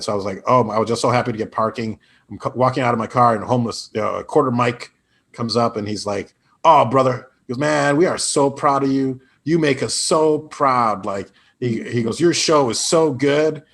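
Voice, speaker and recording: Man, comedian, from Illinois, husky, casual storytelling, acts out quoted voices. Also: medium pitch. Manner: animated anecdotes with put-on quoted voices. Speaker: podcast guest, improv actor and comedian.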